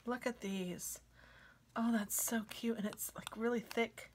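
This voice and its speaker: A woman craft vlogger chatting casually as she unboxes mail, gushing sweetly and sometimes dropping to a soft whisper. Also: on the high side, fairly even intonation, a little slow, a little hiss or hum.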